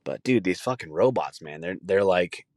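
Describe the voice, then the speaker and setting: A young man spins a loose, profane story in a relaxed podcast chat, slipping into quick impressions of the people he describes. His voice sits on the low side, and the sound is dry and close with no room around it. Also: dry recording. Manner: rambling, swears a lot, mimics people he tells about. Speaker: podcast host.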